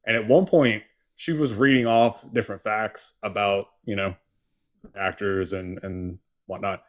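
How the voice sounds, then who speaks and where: A man's voice: lowish voice, steady tone, unhurried. Rambling man hosting a live stream. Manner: rambling storyteller, many fillers. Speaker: host. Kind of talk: casual chat on a live stream.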